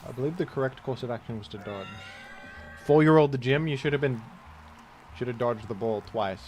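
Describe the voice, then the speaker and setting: A man gives casual commentary while he plays a game, and he drifts into rambling, self-mocking anecdotes. His voice sits at an ordinary middle pitch. Soft background music plays under his talk. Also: moderate pace. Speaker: gaming streamer. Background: faint background music.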